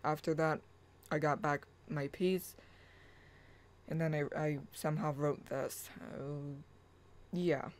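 Spiritual vlogger, very slow, halting, many pauses, soft chant-like reading, mid pitch. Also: steady tone, rough recording. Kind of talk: personal rant and reading own blog post aloud.

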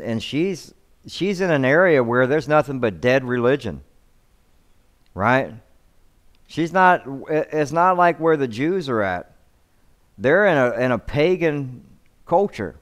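A man's voice: medium pitch, clear, resonant tone. A male pastor preaching a sermon, reading scripture aloud and often repeating words as he restarts his sentences. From United States.

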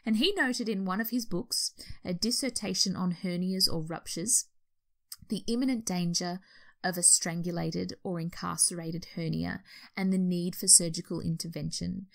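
A woman's voice: lowish voice, steady tone, normal speed, vocal fry, fairly bright tone. An Australian woman, a nurse educator, explaining a history topic in an informal way, correcting herself as she goes. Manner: explanatory, with restarts and self-corrections.

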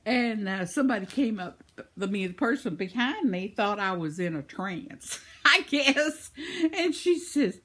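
Older woman, husky, laughing storyteller. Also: a little high, very animated, unhurried, fairly bright tone. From United States. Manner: chatty, rambling, laughs often. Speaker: vlogger. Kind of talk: casual storytelling.

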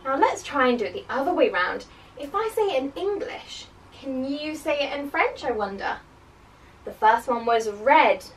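A woman's voice: high-pitched, animated, moderate pace, recorded from a distance, rough recording. A woman teaching a children's language lesson, encouraging and sing-song, with playful praise.

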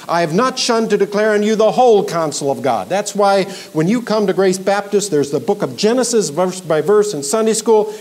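Emphatic higher-pitched male preacher. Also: low-quality recording. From Minnesota. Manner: emphatic, rising to loud peaks on key points. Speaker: pastor. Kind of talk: expository sermon.

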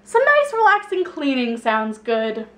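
A young woman talks to the camera at home in a loose, rambling way, letting her voice slide into playful put-on accents now and then. Her voice sits a little high for a woman. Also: wildly swooping pitch, a little slow, bright, forceful tone. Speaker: vlogger. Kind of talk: casual vlog chat. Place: at home indoors.

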